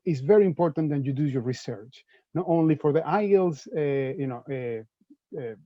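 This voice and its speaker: A man's voice: fairly high pitch, dark tone, dry recording, highs cut off. A man from Venezuela with a Venezuelan Spanish accent, giving an enthusiastic presentation on studying in the UK and repeating words as he goes. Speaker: presenter for UK universities. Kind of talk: enthusiastic info-session talk.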